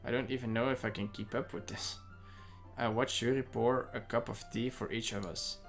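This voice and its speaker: Guy reading a game out loud on stream, all the parts in his normal voice, cracking jokes in between, faint music behind. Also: mid-range voice, fairly even intonation, normal speed, gravelly. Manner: reads all parts in his own voice with joking asides. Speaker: streamer reading a visual novel aloud. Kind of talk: casual let's-play narration and dialogue reading.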